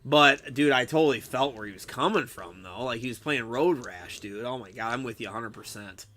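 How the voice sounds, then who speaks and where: A man's voice: medium pitch, fairly quick, pushed and bright. A young adult man chatting casually with viewers during a game live stream, swearing freely and laughing often. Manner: laid-back, swears a lot, laughs often, says dude.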